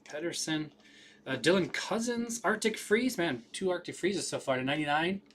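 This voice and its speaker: A man's voice: a little high, expressive, normal speed, fairly bright tone, a little hiss or hum. A man hosting a live card break, rattling off names with casual running commentary.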